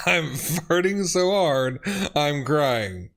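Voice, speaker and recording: A YouTuber reads autocorrect fails, a man voicing funny text messages aloud and reacting with frequent laughter, swearing, and exclamations. His voice is a little high and fairly bright, very animated, yet slow-paced.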